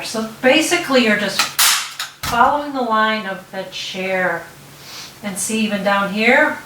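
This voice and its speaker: A middle-aged woman with a medium-pitched voice hosts a relaxed craft tutorial, chatting as she works through each step. She often restarts her sentences and checks in with "okay?". The mic sits at a distance in a roomy space, picking up faint noise.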